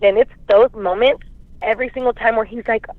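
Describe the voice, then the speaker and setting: A woman's voice: fairly high pitch, steady tone, brisk, no room sound. Caller, woman, rambling and emotional, heard over a thin dry phone line. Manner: rambling, quotes both sides of arguments. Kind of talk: emotional call-in confession.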